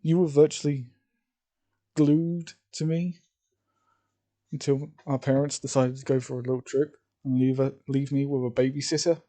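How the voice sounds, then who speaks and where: A man's voice: medium pitch, flat delivery, normal speed, warm tone, natural voice. A man voicing an insistent young sister. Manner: insistent, pleading. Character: young woman, determined and emotional sister.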